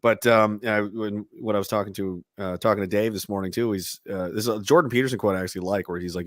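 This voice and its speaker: A man's voice: fairly low pitch, steady tone, fast, hardly any pauses, no echo, studio quality. A man talking as a guest in a casual conversation, telling stories with jokes and mocking put-on voices. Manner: joking storyteller, breaks into mocking put-on voices.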